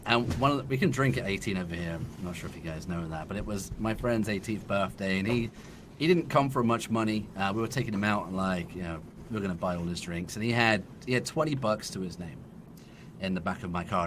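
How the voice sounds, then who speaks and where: A man's voice: deep voice, fairly quick, noisy background. A man in his thirties with an English accent, a podcast guest telling a long, laughing story in casual chat. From England.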